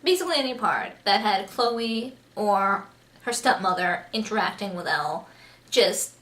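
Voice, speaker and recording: A woman's voice: medium pitch, lively intonation, normal speed, fairly bright tone, echoey room, poor audio. A woman reviewing a book on her vlog, talking casually and gushing, with lots of "like" and "just". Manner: gushing, chatty, heavy on "like" and "just".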